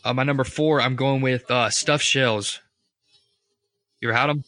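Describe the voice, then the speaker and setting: A man's voice: medium pitch, steady tone, moderate pace, bright, forceful tone. A young man co-hosting a podcast, chatting casually and enthusiastically with plenty of fillers. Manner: enthusiastic, playful, lots of fillers. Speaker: podcast co-host. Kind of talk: casual chat.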